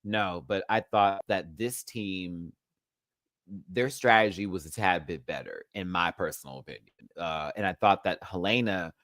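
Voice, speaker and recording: A man hosting a casual live review, campy and sassy, laughing often and swinging his pitch wildly. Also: measured pace, a bit bright, no echo, clean studio sound. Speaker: show host, reality TV reviewer.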